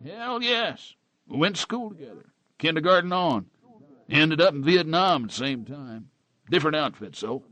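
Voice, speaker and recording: A man's voice: very animated, moderate pace, bright, forceful tone, dry recording. A man voicing a chatty small-town male bartender with a folksy, gossipy manner. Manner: folksy, gossipy, raised pitch.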